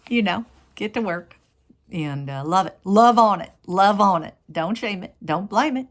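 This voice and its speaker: A woman's voice: mid-range voice, animated, measured pace, lightly acted. A woman voicing a folksy Southern man with a Southern US accent who gives humorous wisdom in a motivational monologue, repeating encouraging phrases. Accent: Southern US, Tennessee-like.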